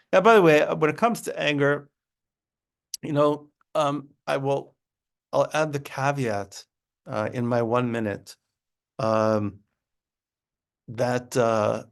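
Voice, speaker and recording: Guy with a gravelly voice teaching a casual study class, wry and chatty. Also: medium pitch. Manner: conversational, wry, thinks aloud. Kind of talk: informal lesson.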